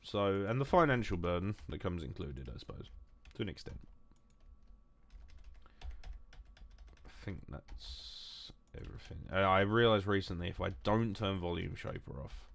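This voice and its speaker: A man's voice: sits low, lively intonation, a little slow, vocal fry, a bit bright. A man chatting casually on a live stream while drinking whiskey, rambling, swearing and mocking himself.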